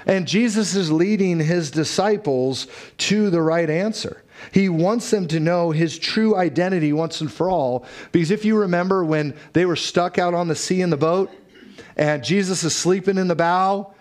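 A man preaching a sermon, telling stories and acting out quoted voices. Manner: animated storytelling, acts out quotes with raised pitch. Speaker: pastor.

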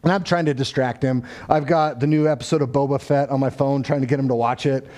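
A man's voice: medium pitch, steady tone, fast, darkish tone. A man telling a family story in a casual, faith-tinged way, acting out the dialogue. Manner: conversational, acts out quoted dialogue, frequent fillers.

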